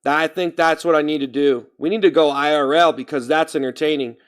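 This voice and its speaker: A man's voice: a little high, fairly even intonation, fairly quick. A man talking casually to his live-stream chat, rambling and often stopping to restart and correct himself. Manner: talks straight to chat, reading out names.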